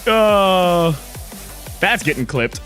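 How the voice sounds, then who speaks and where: A man's voice: high-pitched, expressive, very slow, over music. A young man streaming a game from home on a desk mic, chatting casually in a giggly, profane, self-mocking way. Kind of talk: casual live-stream chat while gaming.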